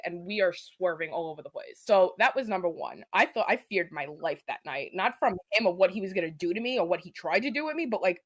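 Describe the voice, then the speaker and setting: A young woman co-hosting a podcast from a studio, telling an animated, profane story in casual chat, with "like" in nearly every line. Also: mid-range voice. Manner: animated, profane, heavy use of "like". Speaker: podcast co-host.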